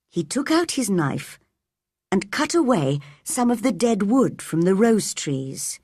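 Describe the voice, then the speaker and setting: Woman narrator for a learners' audiobook, lively pitch, breathy, dry close sound. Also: no room sound. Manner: clear, measured, expressive character voices. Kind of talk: graded-reader audiobook narration for English learners.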